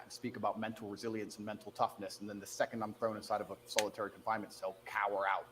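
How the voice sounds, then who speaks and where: With a crowd audible behind him, a thirty-something interviewee fires back answers fast, sounding assertive and defiant. His voice is on the low side and his tone stays level.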